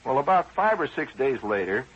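Raspy, lively male radio storyteller. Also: medium pitch, normal speed, dull audio. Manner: conversational and wry, with many asides to listeners. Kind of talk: rambling radio storytelling monologue.

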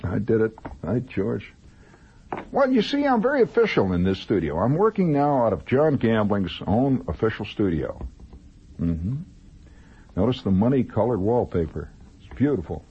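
A man's voice: on the low side, big pitch swings, moderate pace, a little hiss or hum. A man hosting a radio show, reading commercials as rambling, mock-serious jokes from a studio. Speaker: radio host. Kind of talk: comic ad-libbed radio commercials. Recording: dull lo-fi old radio broadcast.

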